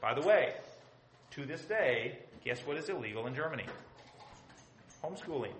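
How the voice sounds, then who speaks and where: A man's voice: mid-range voice, expressive, moderate pace, a little hiss or hum. A male pastor preaching a sermon in a church, emphatic, asking the congregation rhetorical questions and repeating his points. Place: church sanctuary. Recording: echoey church room.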